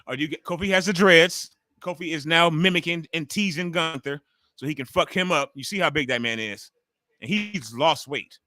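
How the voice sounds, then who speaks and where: A middle-aged man hosts a casual watch-along stream, his voice a little high for a man and sharp and forceful in tone. He chats loosely and talks straight to the chat, swearing freely. The sound is close and dry, with no room echo.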